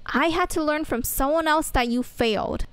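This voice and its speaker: A woman's voice: high-pitched, moderate pace, no room sound, lightly acted. A woman voicing a strict mother who scolds firmly. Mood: stern. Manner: firm, scolding. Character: stern strict mother of a teen.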